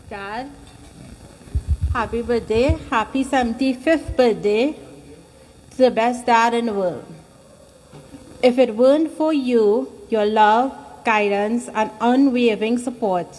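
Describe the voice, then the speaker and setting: Slow, halting woman giving a heartfelt tribute. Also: on the high side, a little mellow, rough recording. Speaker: daughter giving a birthday tribute. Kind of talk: emotional speech at a temple gathering. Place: temple hall.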